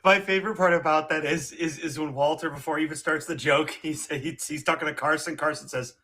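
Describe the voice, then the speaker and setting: A man co-hosting a podcast, chiming in with quick, animated reactions and retellings. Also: on the high side. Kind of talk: casual chat.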